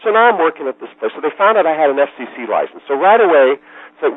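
A man telling a long anecdote in a rambling, animated way, often repeating himself, as a podcast guest. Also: fairly high pitch, fast, no room sound. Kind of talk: casual storytelling. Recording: dry, phone-like lo-fi sound.

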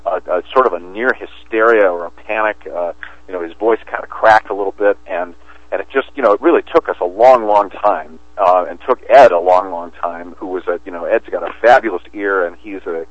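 A man with a very low voice talks casually as an interview guest, circling with restarts and fillers. The sound is thin and phone-like, with no room echo. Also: a little fast. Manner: rambling, many restarts and fillers. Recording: tinny phone line, dry.

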